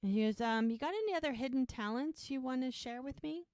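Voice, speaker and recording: A woman co-hosts a podcast, casually recapping TV episodes by retelling scenes and quoting the characters' lines. Her voice is high-pitched and darkish in tone, with lively intonation and a quick pace. The recording is dry.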